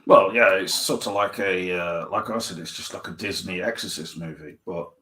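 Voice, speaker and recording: A man in casual chat as a podcast co-host, blunt and dismissive with drawn-out phrasing. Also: sits low, sharp tone, rough recording.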